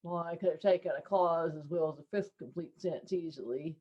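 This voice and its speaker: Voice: mid-range voice, a little fast, dull audio. A writing group member talking casually and with self-deprecating humor about disliking prompts. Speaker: workshop participant. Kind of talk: casual chat.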